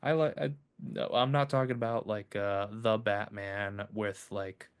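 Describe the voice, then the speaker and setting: A man's voice: on the low side, fairly even intonation, measured pace, clean tone. A man hosting a podcast in casual chat, rambling and filling with "like" and "uh". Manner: rambling, filler-heavy. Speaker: podcast host.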